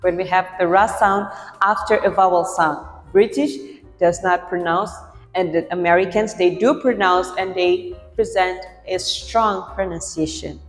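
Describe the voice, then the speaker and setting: A woman pronunciation teacher talks through a lesson in a clear explanatory way, patiently repeating example words so learners can compare them. Her voice sits in a roomy space with a long reverb tail, and faint music plays underneath. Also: lowish voice, steady tone, measured pace.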